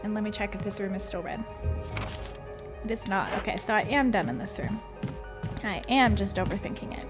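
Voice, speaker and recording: A woman's voice: mid-range voice, animated, fairly quick, long pauses. A woman streaming a horror video game, chatting casually and playfully to her chat and her cat, with self-mocking asides. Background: loud video game music.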